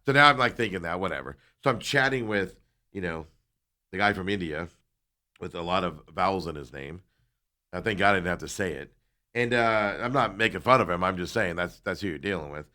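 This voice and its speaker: A man's voice: low voice, brisk. Man telling a story animatedly. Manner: animated, acts out quoted people while telling a story. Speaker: co-host. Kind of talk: casual storytelling on a talk show.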